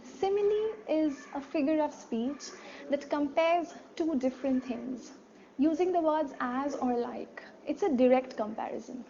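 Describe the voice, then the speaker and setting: High-pitched woman, literature teacher, methodical explainer; dull home recording, faint hiss. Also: expressive, measured pace, vocal fry, dark tone. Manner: explanatory, repeats key words, asks rhetorical questions. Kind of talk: poetry analysis lesson.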